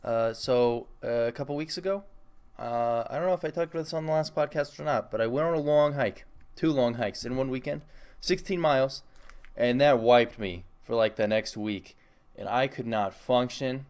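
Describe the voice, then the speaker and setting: A man's voice: medium pitch, normal speed, a little mellow, clear, resonant tone. A young man hosting a solo podcast, chatting casually in a rambling, self-mocking, jokey way. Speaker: podcast host.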